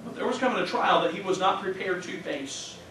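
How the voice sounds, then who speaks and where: A man in his thirties preaches in a high, bright voice, telling a personal story with earnest, heartfelt feeling and interjected praise. His voice carries with a heavy echo through a church sanctuary, picked up from some distance with a faint background hum. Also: brisk. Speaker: pastor.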